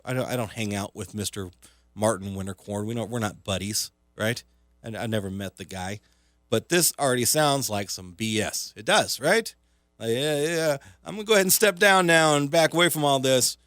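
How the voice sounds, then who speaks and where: A man's voice: medium pitch, a bit bright, no echo. A man hosting talk radio as a comedian, delivering a casual, rambling monologue full of fillers, sarcasm and self-mockery from a studio microphone.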